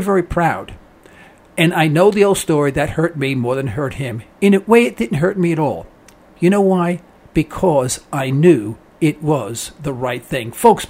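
High-voiced folksy talk radio host. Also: male voice, a little mellow, breathy edge. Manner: storytelling, folksy and emphatic, acts out quotes. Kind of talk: call-in talk radio monologue.

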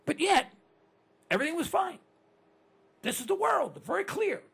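Animated gravelly-voiced man in his sixties. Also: very high voice, normal speed. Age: 60s. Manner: animated storyteller, rhetorical questions, repeats words. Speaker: broadcaster addressing listeners. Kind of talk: conversational monologue with anecdotes.

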